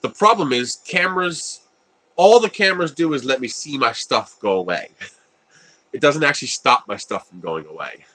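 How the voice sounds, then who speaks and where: A man's voice: medium pitch, expressive, normal speed, pushed and bright. A man hosting a casual livestream while building a 3D printer, telling stories, laughing often and answering viewer chat. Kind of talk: casual live-stream chat.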